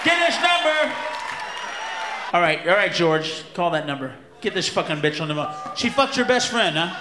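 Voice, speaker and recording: A man performing a crude, ranting stand-up routine live, shouting at the audience. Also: on the high side, animated, a little fast. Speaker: stand-up comedian. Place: large venue with audience. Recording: roomy live recording with crowd and noise. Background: audience laughter.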